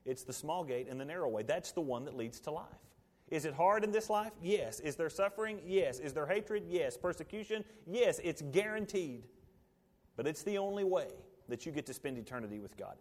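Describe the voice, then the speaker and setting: Preacher in a reverberant hall. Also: male voice, a little high, expressive, normal speed. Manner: rising to emphatic peaks, then dropping to quiet asides. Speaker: pastor. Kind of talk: sermon.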